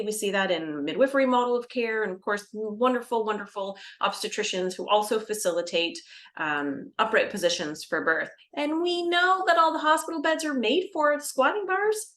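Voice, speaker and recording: This woman, a doula, teaches birth practice to the camera with great energy, dramatizing scenes with gasps before easing into a soft, calm voice. Her pitch is on the high side.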